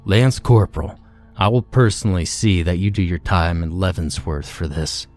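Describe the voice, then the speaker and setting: A man's voice: low-pitched, moderate pace, a little mellow, soft background music, lightly acted. A man voicing a young lieutenant who gives orders with clipped authority. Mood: commanding. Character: stern young male lieutenant, commanding.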